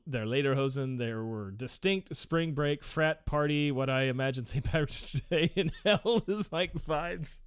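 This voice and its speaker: Young man, smooth clear voice, casual read-aloud, rambling profane asides, laughs a lot, dry close sound. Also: mid-range voice, no room sound. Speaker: vlogger reading an article aloud. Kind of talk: casual reading with commentary.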